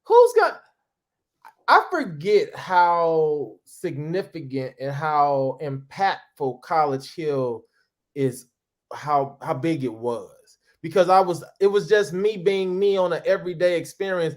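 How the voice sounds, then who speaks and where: A man in his thirties, an interview guest, telling stories in a casual, animated way, acting out other people's voices and often restarting his sentences. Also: fairly high pitch, slow. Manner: animated, acts out quoted voices, frequent restarts. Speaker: interview guest, former reality TV cast member.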